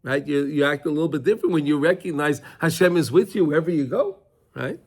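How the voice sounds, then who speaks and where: A man with a somewhat raised pitch leads a casual Torah class in front of students. He talks in a loose, repetitive way and keeps checking in with his listeners to be sure they follow. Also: quick pace, gravelly, a little mellow, slightly rough. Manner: repetitive, conversational, often checking in with "right?". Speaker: Torah teacher.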